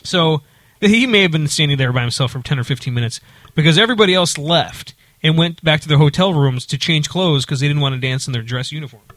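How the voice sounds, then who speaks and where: Bright-voiced man telling a rambling story. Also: fairly high pitch, quick pace, no echo. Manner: rambling, many fillers and restarts. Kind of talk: casual storytelling chat.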